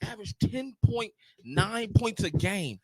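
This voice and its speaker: A man's voice: high voice, big pitch swings, a little slow, darkish tone, husky, no room sound, poor audio. A man co-hosting a casual podcast debate, argumentative and insisting on finishing his point. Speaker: podcast co-host.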